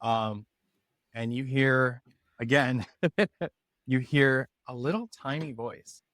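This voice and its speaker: A man's voice: mid-range voice, takes it slowly, a bit bright, no room sound, clean studio sound. A man narrating as game master for a tabletop game, rambling and hesitant with lots of fillers.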